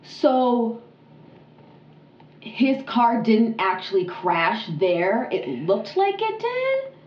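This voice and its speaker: Female co-host, slow, expressive questioner, muffled roomy sound. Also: on the high side, slight background noise. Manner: reacts with surprised questions. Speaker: podcast co-host. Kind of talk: casual chat.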